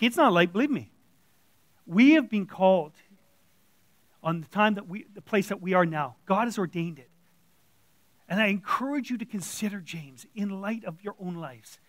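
A man's voice: high voice, a bit bright, no echo. A man preaching an informal sermon as a church elder, blunt and conversational, slipping into quoted voices. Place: church room with audience.

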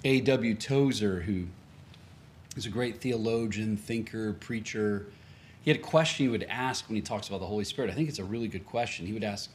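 A man's voice: on the low side, fairly quick, slight background noise. A male pastor preaching a sermon in a loose, conversational way, often restarting sentences and chuckling as he tells a story.

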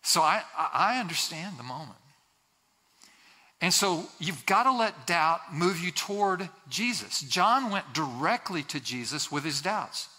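His voice sits high and sharp, expressive yet at a measured pace, as this pastor gives an earnest sermon in a church sanctuary. Repeated key phrases add emphasis, and now and then he acts out quoted voices. Long hall reverb surrounds him.

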